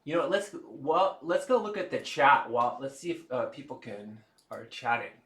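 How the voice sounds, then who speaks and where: A man's voice: medium pitch, lively intonation, moderate pace, fairly bright tone, echoey room. A man hosting a casual livestream, chatty and given to laughing, fumbling with the computer as he talks. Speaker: livestream host and game creator.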